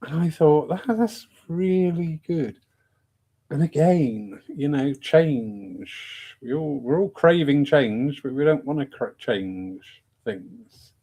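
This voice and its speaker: A man's voice: mid-range voice, very animated, slow pace, mellow, breathy edge. A man hosting a discussion evening, chatting in a rambling, self-mocking way and laughing often. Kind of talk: casual rambling talk.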